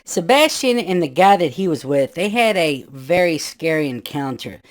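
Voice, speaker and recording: A man's voice: fairly high pitch, big pitch swings, moderate pace. Rambling middle-aged man telling a ghost story. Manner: rambling, full of "you know" asides, acts out shouted quotes. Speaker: guest storyteller. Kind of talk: casual spoken ghost story.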